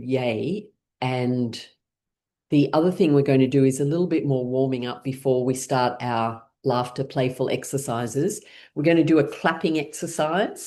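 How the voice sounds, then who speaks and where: A middle-aged woman leading a laughter yoga class, calmly and playfully guiding the group. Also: very deep voice. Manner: calm, gently guiding, playful. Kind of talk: guided class instruction.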